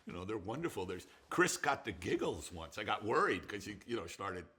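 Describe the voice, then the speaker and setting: A man's voice: fairly low pitch, expressive, a little fast, bright, forceful tone, slightly rough. An older man, a film director, telling rambling stories in an interview with frequent restarts and some swearing. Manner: rambling, profane, with restarts and laughter. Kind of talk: reminiscing interview.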